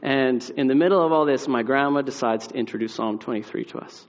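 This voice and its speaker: A young adult man preaching, telling a personal story with animated delivery and acted-out voices, then dropping to a quiet, reflective tone. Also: medium pitch, a little fast. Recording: muffled sound in a large reverberant hall.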